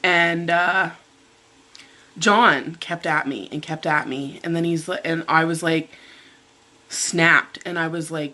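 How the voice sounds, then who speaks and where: Bright-voiced middle-aged woman telling a story. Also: low voice, takes it slowly. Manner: animated retelling, acting out her own quoted lines. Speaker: mukbang vlogger. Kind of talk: storytime chat over breakfast.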